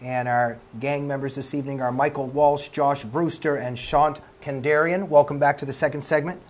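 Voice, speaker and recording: A man's voice: mid-range voice, fairly even intonation, normal speed. A man with a Canadian accent hosting a political panel talk show, formally introducing guests and cutting in with questions. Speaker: host.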